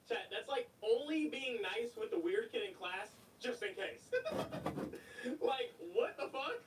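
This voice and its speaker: A man streaming live and reacting with profane, excitable commentary, laughing loudly between remarks. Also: very high voice, unhurried, reverberant, distant mic, a little hiss or hum, rough recording.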